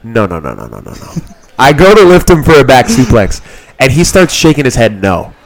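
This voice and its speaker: A man's voice: mid-range voice, a little fast. A man hosting a casual podcast, telling a story with lots of laughs and swearing and playing both sides of the exchange. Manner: animated, laughs often, swears, acts out both sides of stories. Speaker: podcast host. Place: small room, sitting on a kid's trampoline. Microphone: own mic close to a second mic.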